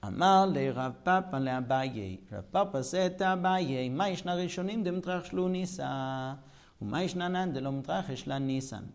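A man leads a Talmud class in a slightly high voice. He quotes a passage, explains it, and poses rhetorical questions to his students. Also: animated, moderate pace. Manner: explains, quoting texts and asking rhetorical questions. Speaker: religious teacher.

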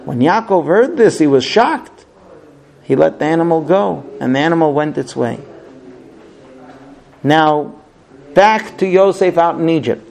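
A man's voice: on the high side, expressive, unhurried, vocal fry, long pauses, a little mellow. A man earnestly retelling a scripture story, dramatic and now and then correcting himself.

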